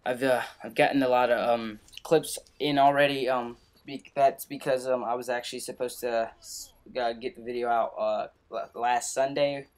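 A man's voice: mid-range voice, steady tone, normal speed. Young male gaming host, casual update, rambling delivery with constant ums and restarts. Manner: rambling, many fillers and restarts.

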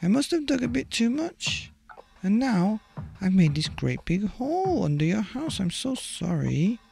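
A man's voice: high-pitched, big pitch swings, a little slow, vocal fry, darkish tone, faint music behind, pitched above the performer's own voice, full character voice. A man reading aloud, voicing a small, apologetic young male mole in a storybook. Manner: apologetic, fretful. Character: tiny squeaky scared young male mole.

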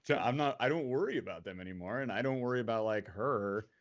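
A man hosting a casual fishing livestream, talking in a rambling way full of fillers and quick laughs. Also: mid-range voice. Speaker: podcast host. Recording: dull lo-fi stream audio.

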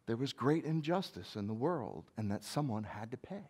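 A man preaching a sermon as senior pastor, moving between soft, hushed passages and forceful peaks, with casual conversational asides. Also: mid-range voice, big pitch swings, normal speed, hardly any pauses, slightly rough. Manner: conversational asides with fillers like "right?" and "like".

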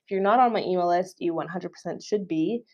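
A woman's voice: lowish voice, a little fast, dark tone, highs cut off. A woman hosting her own podcast, talking in a chatty, rambling, enthusiastic way. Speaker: podcast host. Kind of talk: casual solo podcast talk.

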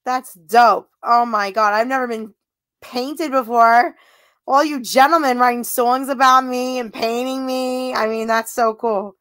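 A woman's voice: fairly high pitch, fairly even intonation, measured pace, fairly bright tone. A woman chatting casually on a livestream, reading out viewer comments, giggly and laughing often, thanking viewers. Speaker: livestream host.

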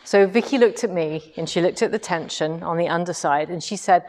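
Brief: a chatty woman teaching quilting live from her showroom, slightly low voice, laughs at her own mistakes. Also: brisk, hardly any pauses, darkish tone. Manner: chatty storytelling, self-deprecating, laughs at herself. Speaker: quilting shop owner and teacher. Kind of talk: live-streamed demonstration and lesson.

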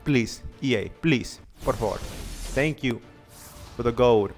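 Gaming host, male, mid-pitched voice, eager chatter, faint music bed. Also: measured pace. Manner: excitable, pleading with the game for good pulls. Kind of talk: casual game commentary.

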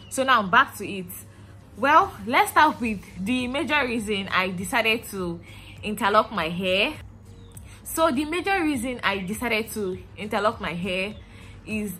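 A woman's voice: medium pitch, bright, forceful tone, a little hiss or hum. A young woman from Nigeria with a Nigerian accent, chatting casually to camera in a hair vlog, rambling with many fillers and restarts. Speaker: hair vlogger.

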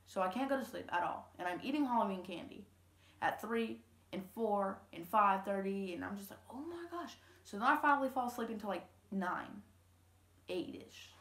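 Speaking at a moderate pace in a mid-range, fairly bright voice, a Louisiana teenage vlogger rambles through a casual story with lots of fillers and quoted dialogue. She's filmed on camera in a roomy, echoey room at home.

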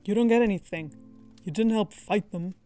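A woman's voice: fairly low pitch, steady tone, a little fast, darkish tone, soft background music, natural voice. A woman voicing an irritated man at a tabletop game who talks curtly and bluntly. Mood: annoyed. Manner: curt, blunt. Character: irritated grudging male ranger player.

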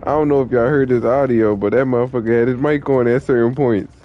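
A young man streams an online game and chats casually with viewers, laid-back, slangy and profane. He talks fast in a mid-range voice with fairly even intonation, and the audio sounds dull.

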